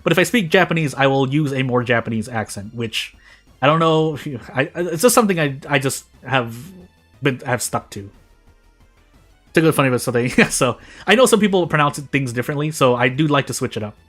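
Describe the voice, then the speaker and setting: A man streaming a video game, talking through his choices out loud and often stopping to restart or correct his sentences. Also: mid-range voice, animated, a little fast, faint music behind. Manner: thinks aloud, often restarts and corrects himself mid-sentence. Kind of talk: live gameplay commentary.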